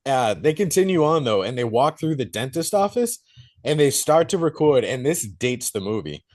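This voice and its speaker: A man co-hosting a podcast, casually retelling a movie plot in animated detail and swearing freely. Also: mid-range voice, moderate pace. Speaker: podcast co-host reviewing a film.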